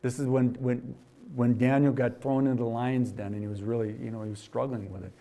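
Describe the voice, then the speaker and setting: A man with a Wisconsin accent preaching a sermon, reading verses loudly and dropping to quiet asides. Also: mid-range voice, little pitch movement, fairly quick. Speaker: pastor.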